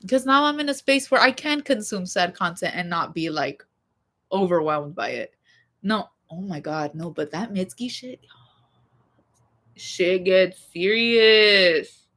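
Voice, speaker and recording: A young woman hosting a casual livestream, chatting in a rambling, expressive way with lots of fillers. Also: fairly low pitch, moderate pace. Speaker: livestream host.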